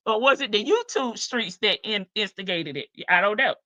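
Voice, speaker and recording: A Southern woman hosts a live stream in a relaxed, talkative way, drawling out her phrases as she answers viewers. Her voice is bright and clear, with a medium pitch for a woman. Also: highs cut off. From American South. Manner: chatty, animated, drawn-out Southern phrasing. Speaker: livestream host. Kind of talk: casual live-stream chat reading comments.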